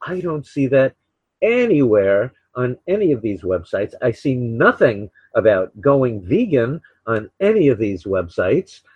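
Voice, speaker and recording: An older man hosting his own radio show, talking in a rambling, opinionated way, often repeating words and filling pauses with uh and um. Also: mid-range voice, very animated, slightly rough, dry recording. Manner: opinionated, sarcastic. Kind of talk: casual solo talk radio monologue. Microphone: desk microphone beside a laptop. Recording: dull, slightly lo-fi dry recording.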